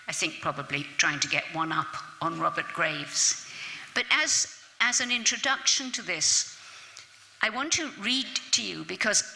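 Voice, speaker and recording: Low bright-voiced woman lecturing in a hall. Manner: measured, reflective, with pauses and restarts. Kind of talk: literature lecture with poetry reading. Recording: long reverb of a lecture hall.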